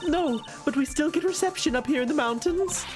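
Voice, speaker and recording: A woman's voice: sits high, brisk, darkish tone, soft background music, pitched above the performer's own voice, close to an everyday voice. A woman voicing a brash, impatient older woman who scolds and orders people about. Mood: bossy. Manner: scolding, bossy.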